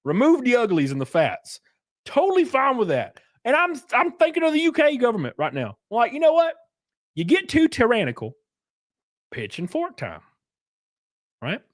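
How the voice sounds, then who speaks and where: A young man hosting a livestream delivers crude, mocking, animated rants with laughs as casual commentary. His voice is extremely high-pitched at normal speed with frequent pauses. The recording is dry and studio quality.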